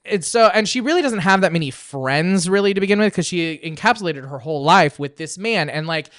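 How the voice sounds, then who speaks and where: A man's voice: sits high, animated, a little fast, a bit bright, no room sound, studio quality. A man on a podcast casually recapping a film plot, rambling with lots of fillers and acting out the characters' lines. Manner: rambling, filler-heavy storytelling with acted-out quotes. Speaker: podcast host reviewing a film. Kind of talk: casual chat.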